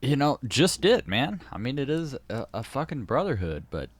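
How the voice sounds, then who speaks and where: A man co-hosting a podcast, chatting in an animated, jokey way with lots of restarts. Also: medium pitch, normal speed, dry recording. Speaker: podcast co-host. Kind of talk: casual chat.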